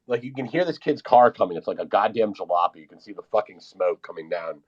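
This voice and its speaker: Man, lowish voice, rambling profane storytelling, casual audio-room chat, muffled lo-fi stream. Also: lively intonation, quick pace. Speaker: podcast co-host.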